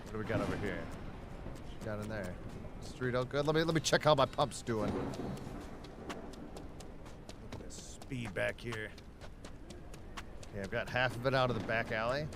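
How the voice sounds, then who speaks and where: A man's voice: mid-range voice, brisk, long pauses, noisy background. A man live-streaming a video game, chatting casually and profanely with his viewers while he plays. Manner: profane, rambling, talks to chat and the game. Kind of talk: casual gaming livestream chat.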